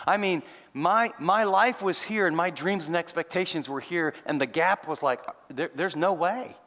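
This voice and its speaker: A man's voice: fairly high pitch, moderate pace, fairly bright tone. An older man, a pastor, preaching a sermon as a conversational story, earnest and confiding with self-deprecating asides. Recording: long reverb of a large hall.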